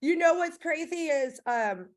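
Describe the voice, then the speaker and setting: Female host, slightly high voice, profane and animated in casual talk. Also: measured pace. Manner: blunt and profane, animated storytelling. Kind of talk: casual chat.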